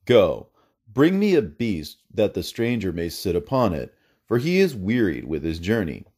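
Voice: a man reading as an old patriarch, grave and hospitable. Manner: solemn, commanding. Range: lively, low-set. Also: measured pace, husky, heavily acted.

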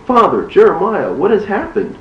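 A man's voice: sits high, wildly swooping pitch, moderate pace, pitched above the performer's own voice. A man voicing an anxious young disciple asking urgent questions, heard from a distance in an echoey, dull recording.

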